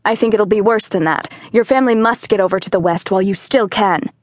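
A woman voicing an older man, a worried neighbor who delivers urgent, grave warnings in a lowered voice. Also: brisk, dry recording, lightly acted.

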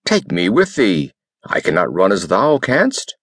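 A man voicing a male frog who speaks slowly and solemnly in old-fashioned words. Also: low voice, huge pitch swings, fairly bright tone, dry recording, clean studio sound, full character voice. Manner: slow, deliberate, archaic speech.

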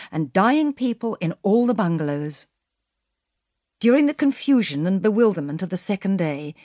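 A woman narrating a classic children's novel as an audiobook, expressive and slowing for emphasis. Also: on the low side, dry recording, clean studio sound. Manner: expressive storytelling, slows for emphasis.

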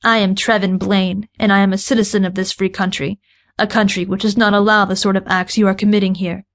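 A woman's voice: medium pitch, flat delivery, a little fast, lightly acted. Woman reading as a defiant young man. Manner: firm, formal demands. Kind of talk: audiobook character voice.

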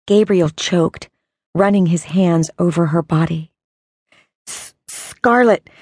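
A woman's voice: fairly low pitch, steady tone, unhurried, mellow, dry recording. A hot-tempered young man from a teen fantasy audiobook, crying out and snapping questions in a raised voice, as a woman narrator puts him on. The delivery stays dry and close. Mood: frantic.

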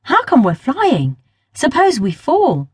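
An eager, wide-eyed young girl, as a woman narrator puts her on, her questions tumbling out in a lively voice. The reading is dry and close, with a touch of huskiness. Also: on the high side, normal speed, slightly rough, no room sound, voice pushed up, exaggerated voice. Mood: excited. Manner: eager, exclaiming. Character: young girl, curious and easily startled.

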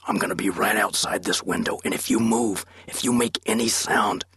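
A man voicing a menacing masked male intruder in an audiobook, speaking in a scratchy, hushed, threatening whisper. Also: fairly low pitch, fairly even intonation, moderate pace, breathy edge, voice pushed up, full character voice.

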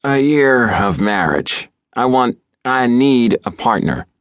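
A man's voice: mid-range voice, animated, slow pace, dry recording, studio quality, pitched above the performer's own voice. A man voicing a nervous, earnest young city businessman. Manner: earnest, hesitant.

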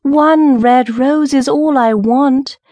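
Brief: woman voicing a small pleading nightingale, high and earnest, mellow tone, dry audiobook sound. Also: slow, dry recording. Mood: urgent. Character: small brave female nightingale, longing and pleading. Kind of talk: audiobook character reading.

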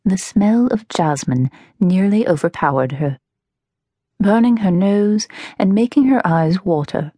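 A woman reading her novel aloud as an audiobook narrator, telling the story in an expressive, measured way. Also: on the low side, breathy edge, no echo. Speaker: author and narrator.

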